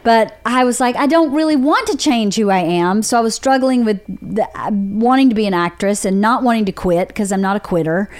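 A woman in her forties with a Southern accent from Georgia, hosting a podcast and telling candid stories with lively quoted voices. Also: a little high, brisk, hardly any pauses. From Georgia, USA. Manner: candid storytelling with animated put-on quotes. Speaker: podcast host. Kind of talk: casual chat.

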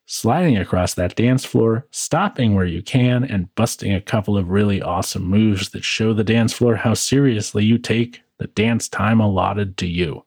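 A man's voice: lowish voice, moderate pace, hardly any pauses, darkish tone, slightly rough, no room sound. A man hosting a podcast, reading his own reflective script with wry, dry asides, tired from working late. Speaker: podcast host. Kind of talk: scripted philosophical monologue.

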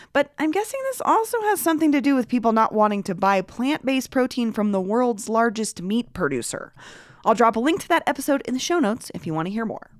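A woman's voice: on the high side, no echo, studio quality. A woman hosting a local news podcast, reading the headlines in a chatty way. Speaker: podcast host.

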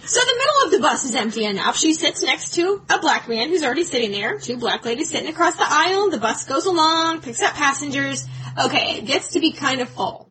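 Animated woman telling a story. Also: sits high, a little fast, a little hiss or hum, rough recording. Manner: animated, acts out quoted lines. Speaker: podcast co-host. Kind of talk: casual storytelling chat.

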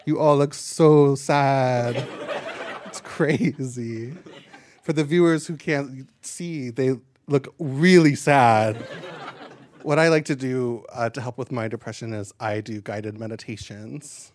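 A man's voice: mid-range voice, slow, darkish tone, slight background noise. A man doing a stand-up comedy set on a live stage into a handheld mic, chatty and self-deprecating with lots of asides.

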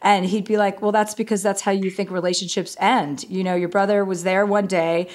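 A woman's voice: mid-range voice, little pitch movement, fairly quick. A woman comedian, a guest in a casual interview, telling candid stories, acting out quoted conversations and using many fillers like "you know".

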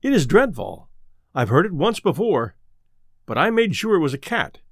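A man's voice: on the high side, big pitch swings, normal speed, no room sound, clean studio sound. A man reading aloud, voicing a frightened, stout male innkeeper who wails and quivers. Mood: fearful. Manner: quivering, wailing.

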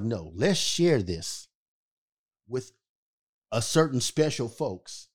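A man co-hosting a podcast, telling a story in casual chat and stressing points with a repeated "okay?". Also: on the low side. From California. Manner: emphatic, repeats "okay?" for emphasis. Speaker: podcast co-host.

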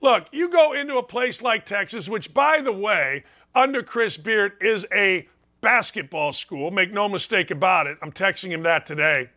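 A middle-aged man running a sports talk show, his voice pitched high and cutting with a sharp, bright edge. He talks in a brash, mocking way and keeps circling back to the same jabs. Opinionated sports talk from start to finish. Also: animated, normal speed. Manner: brash and mocking, repeats punchlines.

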